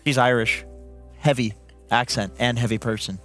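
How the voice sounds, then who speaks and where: A man's voice: mid-range voice, steady tone, moderate pace, fairly bright tone, faint music behind. A man on an esports panel, joking and teasing the others. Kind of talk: live esports panel banter.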